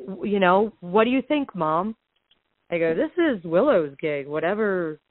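A woman's voice: fairly low pitch, measured pace, no room sound. Chatty woman guest, mid-range voice, acts out the dialogue, dry phone-line sound. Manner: animated retelling that acts out quoted dialogue. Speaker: podcast guest, real estate investor. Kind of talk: casual storytelling.

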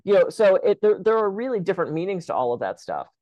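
A woman co-hosting a casual podcast, a lively, chatty storyteller who acts out the lines she quotes. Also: fairly low pitch, fast, no room sound. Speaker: podcast co-host.

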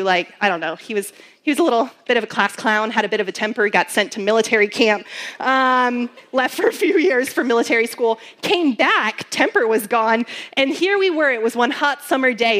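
A woman's voice: on the high side, a bit bright. A young woman giving a personal testimony sermon as a campus minister, telling her story earnestly with many fillers.

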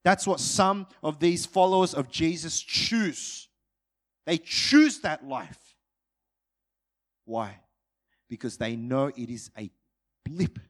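High-pitched man preaching with intense swings. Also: lively intonation, slow, long pauses. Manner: dynamic, swings from loud urgent peaks to hushed low delivery. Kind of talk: sermon.

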